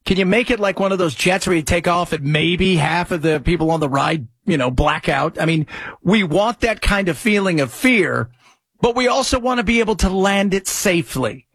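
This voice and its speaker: A male talk radio host with a husky voice, chatting in a rambling, animated way and reading ads quickly. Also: high voice, dry recording. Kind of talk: casual talk radio commentary.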